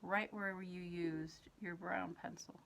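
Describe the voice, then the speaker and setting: A woman's voice: on the low side, fairly even intonation, slow pace, gravelly, a bit bright. Chatty woman talking through a makeup demo. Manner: chatty, talks through each step as she works. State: eyes watering. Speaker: makeup tutorial host. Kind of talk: casual how-to demonstration.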